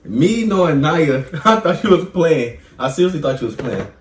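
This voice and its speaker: A young man joining a vlog as co-host, telling a story in a relaxed, slangy way with laughs. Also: on the high side, brisk. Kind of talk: casual storytelling. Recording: echoey room with faint hum.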